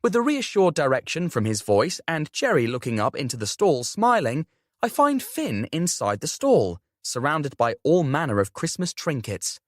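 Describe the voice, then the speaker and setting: A young man narrating a first-person audiobook with expressive storytelling. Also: on the high side, normal speed, no echo, clean studio sound. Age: young adult.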